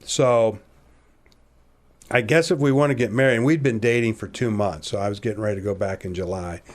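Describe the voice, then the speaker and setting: A podcast guest from Ohio, around sixty, talks briskly in a fairly low voice. Casual and animated, he plays out the dialogue of his personal story and laughs at himself.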